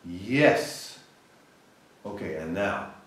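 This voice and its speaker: Animated piano teacher in an echoey room. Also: male voice, deep voice, extremely slow, distant mic, a little hiss or hum. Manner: animated, loud bursts of encouragement then soft guiding. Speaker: piano professor. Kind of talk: hands-on teaching in a class.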